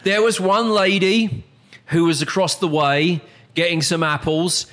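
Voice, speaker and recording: A British man co-hosting a podcast, telling stories in animated, self-mocking bursts. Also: high voice, unhurried. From Britain. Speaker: podcast co-host. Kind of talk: casual podcast chat.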